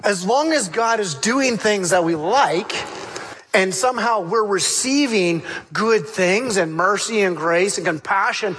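Male pastor with a high, bright, sharp voice who preaches lively and acts out scenes. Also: unhurried, slight background noise. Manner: animated storytelling, acting out the characters' lines. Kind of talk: sermon.

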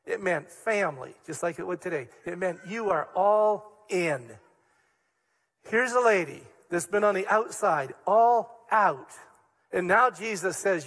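Male pastor, sermon, earnest and emphatic, high voice, echoing church hall. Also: unhurried, a bit bright. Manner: earnest, emphatic, repeats key words.

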